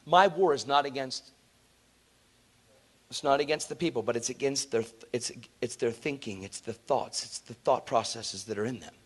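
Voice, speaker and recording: A man preaching a sermon, telling a story in an animated, earnest, conversational way and acting out the people in it. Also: medium pitch, moderate pace, slightly rough.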